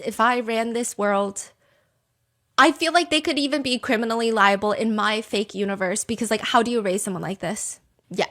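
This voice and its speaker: A woman's voice: on the high side, fairly bright tone. A woman hosting a podcast, telling a true-crime story in a casual, opinionated way, with frequent "like". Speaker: podcast host.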